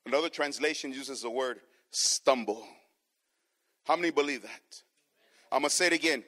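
A man preaching a sermon to his congregation, swinging from soft, low passages to loud, emphatic ones. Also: lively intonation, normal speed, long pauses. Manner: addresses the congregation as church. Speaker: pastor.

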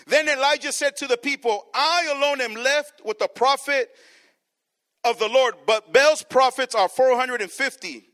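A man with a strikingly high voice and a bright tone preaches a sermon. He reads the scripture aloud and stretches key words for emphasis. He keeps turning to the congregation with questions and calls of "church". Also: measured pace.

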